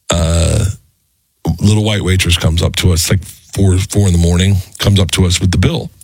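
A comedian in his thirties telling a rambling, animated, self-mocking story in casual chat. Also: deep voice, a little slow, long pauses, no room sound.

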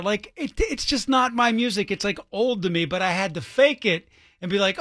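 A man's voice: high-pitched, animated, normal speed, fairly bright tone, dry recording. A man co-hosting a radio show from the studio, chatting casually and loosely with lots of fillers. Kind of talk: casual morning radio banter. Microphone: studio microphone.

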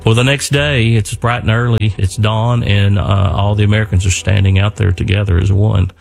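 An older man earnestly telling his father's war story, reflective and pausing often. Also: fairly low pitch, steady tone, gravelly, music in the background. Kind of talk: spoken storytelling.

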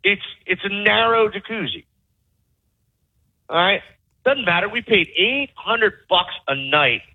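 A man with a high-sitting voice speaks unhurriedly as he angrily rants, swearing freely, to his podcast co-hosts about the resort he's on vacation at. The review comes through tinny, phone-like call audio.

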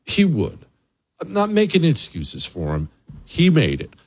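Blunt, animated talk radio host. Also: male voice, on the high side, measured pace, breathy edge, dry recording. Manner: blunt, emphatic, sarcastic asides. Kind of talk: opinionated talk radio monologue. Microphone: studio microphone.

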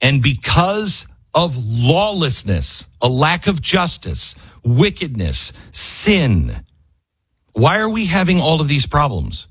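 A man hosts a talk radio show in an impassioned monologue, pushing toward a near yell. His voice is husky and swings up and down with a lot of range. The sound is dry and close, with no room around it. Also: fairly high pitch, wildly swooping pitch, takes it slowly, dry recording. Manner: fiery, raises voice to near yelling.

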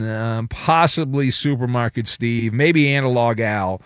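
A man's voice: a little high, sing-song, unhurried, no echo. A man hosting a late-night sports radio show in a studio, talking in a playful, theatrical, rambling way.

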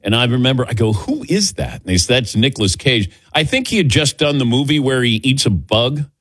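A man hosting a sports talk radio show, chatting casually and telling animated stories with quick laughs. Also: medium pitch, slightly rough, no room sound. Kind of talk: casual morning radio banter. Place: radio studio.

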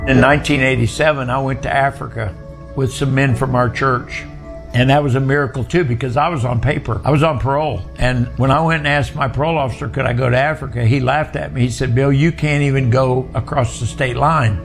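A man's voice: medium pitch, steady tone, creaky, soft background music. An older man telling a personal faith testimony in a plain, earnest way. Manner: plain, earnest storytelling, slow at times. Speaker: guest storyteller.

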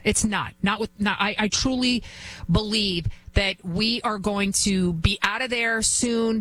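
A woman's voice: mid-range voice, a bit bright, low-quality recording. A woman hosting an opinionated political monologue, emphatic and repetitive. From United States. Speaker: political commentary host.

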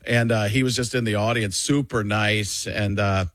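A male comedian from Wisconsin, telling animated stories in a casual radio interview and often restarting his sentences. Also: on the low side, moderate pace, dry recording. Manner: animated storytelling, self-interrupting. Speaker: comedian guest.

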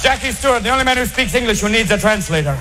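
A man doing stand-up comedy with quick, jokey riffing. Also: extremely high pitch, lively intonation. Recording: live stand-up with crowd and noise.

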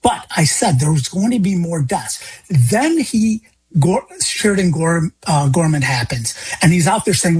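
Husky, indignant man from Illinois. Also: on the high side, expressive, moderate pace, soft background music, low-quality recording. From Illinois, USA. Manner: indignant, impassioned. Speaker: interview guest, grieving father. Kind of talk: remote TV news interview.

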